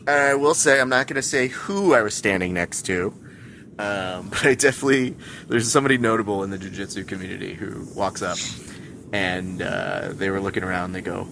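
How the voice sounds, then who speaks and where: Man, low voice, casual podcast chat, comic ranting, faint rumble behind. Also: brisk, gravelly. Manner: ranting, comic storytelling with profanity.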